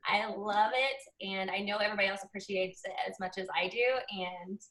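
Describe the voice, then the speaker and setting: Woman host, bright high voice, soft and grateful, distant on a video call. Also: steady tone, brisk. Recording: voice far from the mic.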